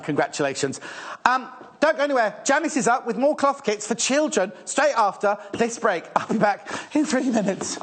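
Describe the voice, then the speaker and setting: A British man presenting fabrics on a live TV shopping channel, rushed, gushing and a little out of breath. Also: sits high, fairly bright tone.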